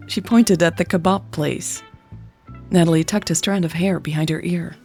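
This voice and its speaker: A woman reads a romance story aloud in a calm, even storytelling manner. Her voice is fairly low and carries a gravelly fry. Faint music plays under her reading. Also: normal speed. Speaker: podcast host and narrator.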